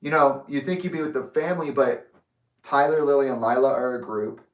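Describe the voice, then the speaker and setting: A young vlogger talks a little fast through a personal reflection, rambling, restarting phrases, and swearing now and then. His voice is at an ordinary middle pitch and sounds distant from the mic, with a roomy echo.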